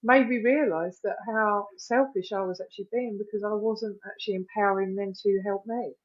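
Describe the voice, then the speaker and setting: Animated woman with slightly dull sound. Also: medium pitch, brisk. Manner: animated, acts out quoted phrases, many "you know" fillers. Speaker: guest. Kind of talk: candid podcast conversation.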